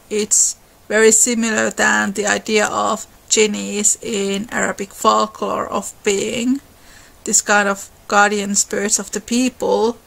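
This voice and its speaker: Gravelly-voiced woman explaining mythology. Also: mid-range voice, fairly bright tone, poor audio. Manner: conversational, with restarts and small laughs. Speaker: channel host.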